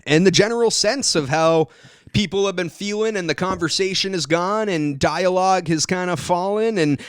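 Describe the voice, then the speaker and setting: A man's voice: high voice, moderate pace, clear, resonant tone, no echo. A man hosting a casual interview, rambling and swearing, laughing often. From Michigan. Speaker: podcast host.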